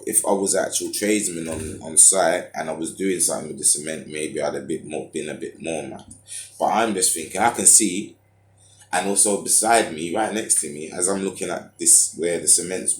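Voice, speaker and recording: Deep-voiced man, slangy storytelling. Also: moderate pace, a little hiss or hum. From United Kingdom. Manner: slangy, loose and digressive, with filler sounds. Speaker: vlogger. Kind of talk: rambling personal storytelling. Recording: echoey room.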